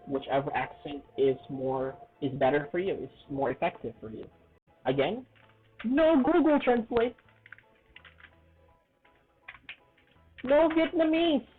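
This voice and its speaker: A man teaching an English lesson in a casual, earnest way, often checking in with "okay?" and "right?" and stressing words slowly. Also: mid-range voice. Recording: tinny phone-like audio.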